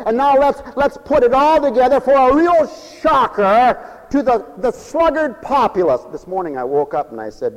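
A man preaching a folksy, animated radio sermon with humorous asides. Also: very high-pitched, moderate pace, long reverb tail, poor audio.

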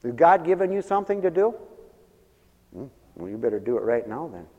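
A man preaching a sermon as pastor, swinging between quiet asides and loud emphatic calls. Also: mid-range voice, big pitch swings, a little fast. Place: church. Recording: muffled church recording with long reverb. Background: radio ministry broadcast of a church service.

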